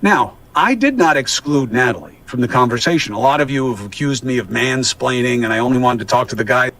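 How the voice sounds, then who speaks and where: A male TV interviewer with a mid-range voice, in a measured broadcast style. He speaks earnestly and deliberately as he sets up his guest. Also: medium pitch, lively intonation, a bit bright, rough recording.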